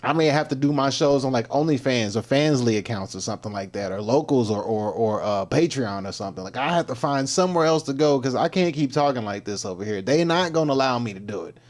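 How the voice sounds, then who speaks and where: A man's voice: medium pitch, expressive, fast, few pauses, darkish tone. A man hosting a casual livestream who talks in loose slang, laughs often and repeats himself. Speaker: livestream host.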